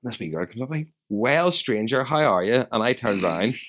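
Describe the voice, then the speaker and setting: A man's voice: medium pitch, moderate pace. A man with a Northern Irish accent, co-hosting a podcast and telling stories in casual chat, acting out quotes and swearing freely. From Northern Ireland. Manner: animated storyteller, acts out quotes, swears freely. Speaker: podcast co-host, DJ.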